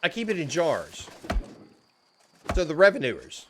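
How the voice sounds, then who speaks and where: A man's voice: a little high, wildly swooping pitch, a little slow, background noise. A man hosting a livestream, chatting casually with viewers in a jokey way and laughing often. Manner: jokey, laughs often, says "dude" and "frickin'". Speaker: livestream host.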